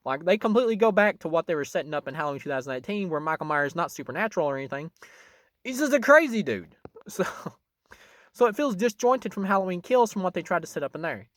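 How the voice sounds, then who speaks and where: Animated man giving a film review. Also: fast talker, dry recording, clean studio sound. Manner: animated, voice jumps up high for emphasis. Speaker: movie reviewer, channel host. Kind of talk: casual spoken film review.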